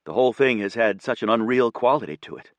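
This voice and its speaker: A male narrator voicing a weary, wry woman who talks with quiet, dry understatement. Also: mid-range voice, expressive, fast, no room sound, close to an everyday voice.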